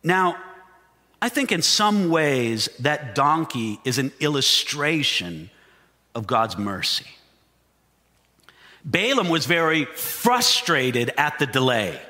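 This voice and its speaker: Animated preacher in a reverberant hall. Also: male voice, a little high, slow, long pauses. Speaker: pastor. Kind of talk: sermon.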